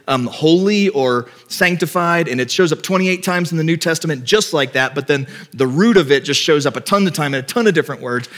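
A man's voice: fairly high pitch, fairly bright tone. A man, a pastor, preaching a conversational sermon to his church, explaining and asking his listeners rhetorical questions. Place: church before a congregation.

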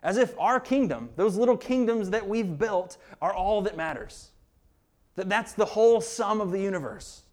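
Man, pastor, sermon, earnest and emphatic, slightly high-pitched. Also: normal speed. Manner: earnest, emphatic preaching with repeated words.

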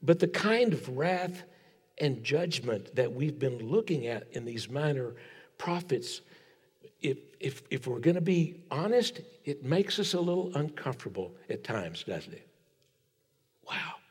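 An older man preaching a sermon in a large church. He tells family stories in a folksy way and drops to a hush for emphasis. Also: medium pitch, big pitch swings, unhurried, breathy edge. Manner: folksy storytelling, dropping to a hushed tone for emphasis. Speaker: pastor. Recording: long reverb of a large hall.

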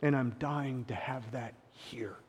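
A man preaching a sermon, impassioned, swinging between hushed reflection and emphatic points, with sarcastic asides. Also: mid-range voice, slow pace, slight background noise. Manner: sarcastic paraphrasing of opponents. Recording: long hall reverb.

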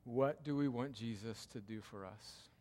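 A male pastor preaching in a church, his voice trailing off into a long hall reverb. He presses his points by repeating them, rising to loud cries and then sinking to near-hushed tones. His pitch sits in an ordinary middle range for a man. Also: measured pace, a little hiss or hum. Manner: emphatic, repeats key lines, swings between loud cries and hushed tones. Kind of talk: sermon.

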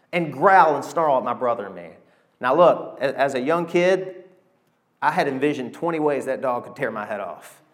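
A man, preaching a sermon and telling stories with animated, emotional delivery. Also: mid-range voice, moderate pace. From Arkansas, USA. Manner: animated storytelling preacher, emotional, calls to the congregation. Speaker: pastor.

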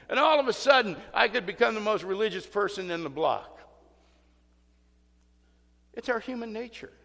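A male pastor delivers a sermon in a high, ringing voice. He talks in an animated way, swinging up to emphatic peaks and dropping into humble asides. His words carry a long reverb, as if in a large church sanctuary. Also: normal speed, vocal fry, long pauses.

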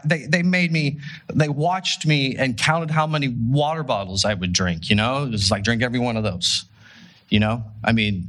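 Husky-voiced man preaching conversationally. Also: medium pitch, fairly bright tone. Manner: conversational, joking, with many restarts. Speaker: pastor. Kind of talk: sermon.

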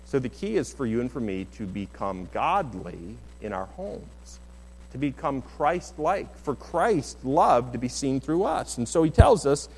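A man's voice: mid-range voice, sing-song, unhurried, darkish tone, slightly rough. A middle-aged man preaching a sermon as pastor, in an earnest, conversational way with many restarts. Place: church sanctuary. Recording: long hall reverb.

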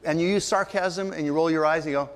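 An older male pastor preaches, his voice sitting high for a man. He tells stories and slips into voices for the people in them. The sound rings with long reverb, as in a church hall. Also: fairly even intonation, fast talker, smooth. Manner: storytelling, acts out voices in quotes. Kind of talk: sermon.

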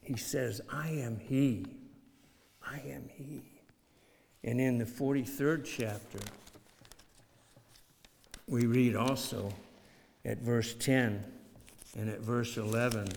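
A man's voice: medium pitch, slow, creaky, long pauses, a little mellow, slight background noise. A man preaching an expository sermon, reading scripture aloud and repeating phrases for emphasis. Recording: long hall reverb.

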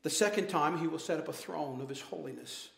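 A man's voice: a little high, a little fast, gravelly, a bit bright. A man preaching a passionate sermon to his congregation, full of rhetorical questions. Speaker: pastor. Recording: echoey church hall.

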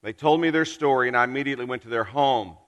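Bright-voiced preacher in a reverberant hall. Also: male voice, medium pitch. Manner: earnest, personal storytelling with dramatic pauses. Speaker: pastor. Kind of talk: storytelling sermon.

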